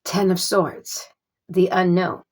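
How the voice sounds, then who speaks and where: A woman giving a casual tarot reading. She gropes for words with many fillers and keeps offering calm reassurance. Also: lowish voice, takes it slowly. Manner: reassuring, repeats soothing phrases. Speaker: tarot reader.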